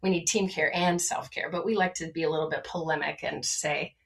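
A woman from Maryland, a podcast guest talking about wellness, energetic and emphatic, often tacking on a rhetorical "right?". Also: sits low, a little fast, vocal fry. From Maryland, USA. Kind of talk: podcast conversation.

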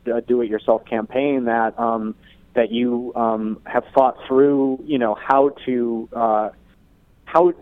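A man's voice: medium pitch, no room sound. Hesitant man on a tinny phone line. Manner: hesitant, many fillers and restarts. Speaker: interview guest, researcher. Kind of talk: radio interview answers.

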